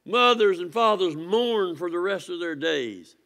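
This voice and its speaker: Man preaching; somewhat high voice, big swings from loud to hushed. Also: animated, a little slow, creaky. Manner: impassioned preaching, rising to near-shouts and dropping low. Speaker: pastor. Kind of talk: sermon.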